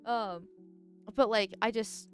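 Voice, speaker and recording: A woman's voice: mid-range voice, fairly even intonation, takes it slowly, a bit bright, soft background music. A woman streaming live in casual chat, talking bluntly and directly, with a stuffy nose.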